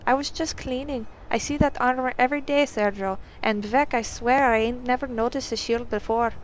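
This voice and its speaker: A woman's voice: on the high side, a little fast, highs cut off, slight background noise, pitched above the performer's own voice, close to an everyday voice. A woman puts on a jittery young castle maid with homespun, folksy speech. She sounds anxious and eager to please. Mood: flustered. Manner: rustic, folksy speech with "ain't".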